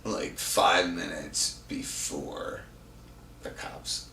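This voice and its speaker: A man guesting on a podcast, talking casually and profanely, sometimes loud and sometimes mumbling. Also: sits low, drawn-out words, gravelly, slight background noise. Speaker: podcast guest, van traveler. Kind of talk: casual chat. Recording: roomy sound from a distant mic.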